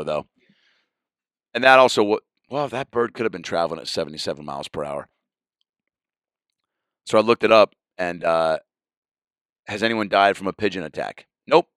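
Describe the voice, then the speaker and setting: A man, a comedian hosting his podcast solo, riffing loosely and crudely and breaking into sudden yelled bits. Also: lowish voice, no room sound, clean studio sound.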